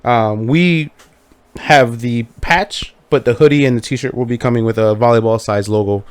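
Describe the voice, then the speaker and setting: A man's voice: mid-range voice, moderate pace, smooth. A man co-hosting a podcast, chatting casually, swearing freely and telling a joke with laughs along the way. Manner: loose, swears often, tells jokes with laughter. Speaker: podcast co-host. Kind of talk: casual chat.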